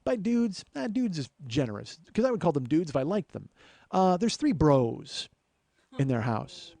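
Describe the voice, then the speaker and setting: Guy comedian ranting a story, lotta swearing, kinda high voice, dry close mic. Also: big pitch swings, moderate pace, gravelly, mellow, dry recording. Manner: profane, sardonic, ranting. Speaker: comedian podcast host.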